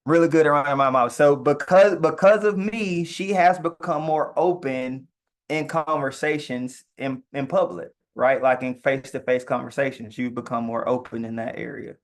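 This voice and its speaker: A man talking casually about marriage and business, animated, stumbling on words and laughing often as he talks. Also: medium pitch, moderate pace. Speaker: co-host.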